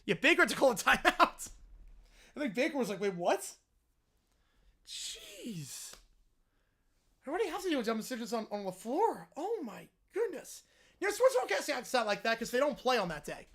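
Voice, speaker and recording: High, lively man yelling at a game. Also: fairly quick. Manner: excitable, yells at the screen, then chats with viewers. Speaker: streamer doing live play-by-play. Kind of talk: live play-by-play and reaction stream.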